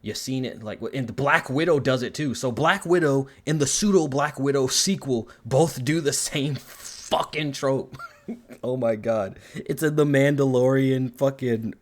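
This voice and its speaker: Male reviewer, average pitch, profane and exasperated, rambling rant style. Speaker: movie reviewer. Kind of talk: ranting film commentary.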